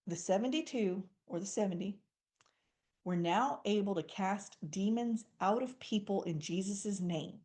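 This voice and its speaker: Animated woman teaching a Bible study. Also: on the high side. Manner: animated, acts out quoted dialogue.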